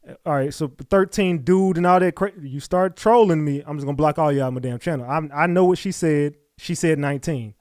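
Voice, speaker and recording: A man's voice: on the high side, a little fast, a little mellow, no room sound, clean studio sound. A man hosting a reaction stream who speaks bluntly and profanely and keeps insisting on his point to his chat. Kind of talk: casual reaction commentary.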